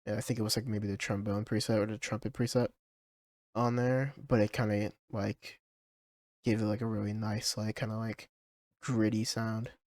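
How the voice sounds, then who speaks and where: A male music producer casually talking through a song project, hesitant and full of fillers, with his track playing clearly underneath. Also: lowish voice, flat delivery, normal speed, a little mellow, no echo, studio quality. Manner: hesitant, full of ums and likes.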